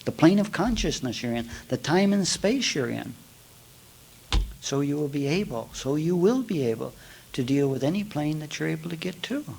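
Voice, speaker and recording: A man teaching yoga in a spiritual talk, telling folksy stories with jokes and swinging between loud and hushed. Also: a little high, lively intonation, moderate pace, creaky, a little hiss or hum, poor audio. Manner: folksy, storytelling with jokes and asides.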